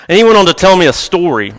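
A male pastor giving a sermon in a conversational, storytelling way with light chuckles, recorded in a church sanctuary. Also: sits high. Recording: long reverb of a large hall.

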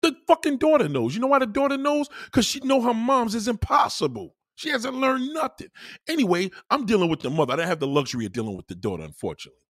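A man's voice: extremely high pitch, sing-song, fast talker, a bit bright, dry recording, clean studio sound. A man ranting heatedly in a profane, repetitive monologue to his audience.

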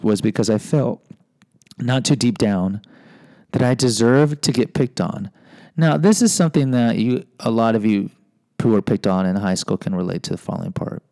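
A man's voice: medium pitch, normal speed, mellow, no echo. A man telling personal stories in a casual monologue, candid and self-deprecating, often restarting and adding asides.

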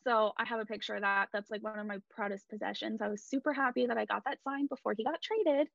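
A woman with a fairly high voice tells her story with animated, emphatic energy. The sound is dry and a little dull, close on the mic. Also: vocal fry, no echo. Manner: animated, emphatic, fast retelling. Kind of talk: excited fan storytelling.

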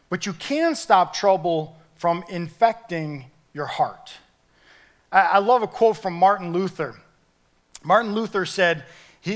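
A male pastor preaching a sermon in an animated, emphatic way, pushing his voice up at key points. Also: high-pitched.

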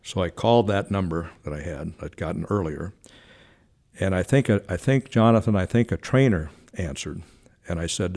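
A man's voice: sits low, moderate pace, darkish tone. An older man, once a White House switchboard operator, tells anecdotes in an interview in a chatty way, often correcting himself. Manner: chatty, frequent self-corrections and fillers.

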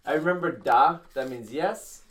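A man's voice: a little high, normal speed, recorded from a distance. A man from Toronto, telling a loose, profane travel story in a casual group chat. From Toronto, Canada. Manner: profane, loose, rambling anecdotes.

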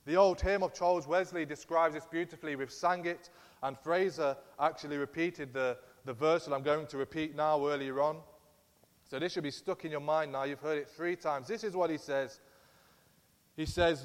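A man's voice: a little high, fairly even intonation, moderate pace. A man preaching a sermon in an earnest, emphatic way, speaking in a church hall. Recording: long reverb of a large hall.

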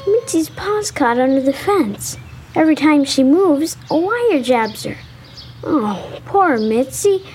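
A woman's voice: high-pitched, slow, a little hiss or hum. Woman voicing an earnest young boy. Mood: worried. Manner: earnest, expressive. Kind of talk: radio drama acting.

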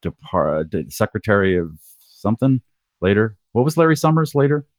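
A low-voiced man swings his pitch about as he spins a casual story for the group. He tells it with wry asides. The dry sound comes through a quiet video-call mic. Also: very animated, moderate pace, no echo. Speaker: guest in a group chat.

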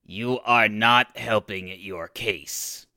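A man's voice: fairly low pitch, extremely slow, bright, forceful tone, dry recording. A man playing a tabletop game, speaking in a dry, wry way. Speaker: player. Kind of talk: casual tabletop play.

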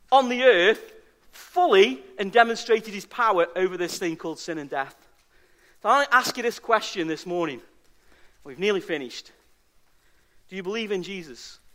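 Pastor preaching at a church service, really high voice, punchy and repetitive. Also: male voice, sharp tone. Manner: emphatic, repeats key phrases for stress. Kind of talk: sermon.

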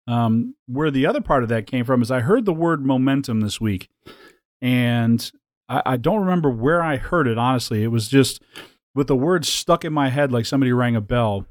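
A man's voice: medium pitch, no room sound, clean studio sound. Rambling, chatty male podcast host. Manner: rambling, with frequent fillers and laughs. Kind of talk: casual chat.

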